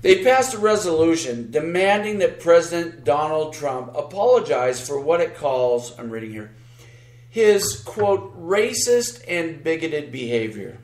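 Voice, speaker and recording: A man's voice: fairly high pitch, expressive, measured pace, darkish tone, echoey room. A man co-hosting a podcast, giving sarcastic, combative political commentary and reading news aloud with asides. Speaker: podcast co-host.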